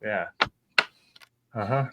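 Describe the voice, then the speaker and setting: Animated joking podcast co-host, man. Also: lowish voice, extremely slow, highs cut off, background noise. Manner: animated, swearing, jokey. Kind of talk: casual chat.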